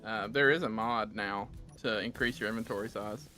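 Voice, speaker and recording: A Southern US man hosts a casual gaming stream, reading chat and telling rambling stories. His voice is lowish and sharp-toned, moving at a normal speed, with faint music in the background.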